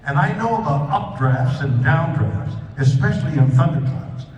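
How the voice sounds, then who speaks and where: A man's voice: a little high, expressive, normal speed, a little mellow, lo-fi sound, slight background noise. A man on stage at a convention, telling a rambling, self-mocking anecdote with many restarts. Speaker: convention guest speaker. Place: large convention hall. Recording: echoey hall, mic picked up from a distance.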